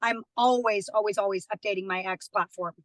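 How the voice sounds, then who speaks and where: A woman's voice: medium pitch, steady tone, a little fast, no echo, rough recording. A woman in her thirties, a studio guest, chatting casually and laughing often as she tells personal stories. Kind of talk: casual chat.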